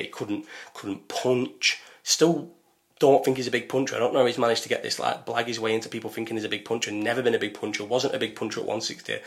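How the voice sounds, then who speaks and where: A young man talks in loose, opinionated podcast chat. He swears often and keeps breaking off and restarting his sentences. His voice sits a little low. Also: fairly bright tone. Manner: blunt, opinionated, swears freely, many restarts. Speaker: podcast co-host. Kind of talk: casual chat.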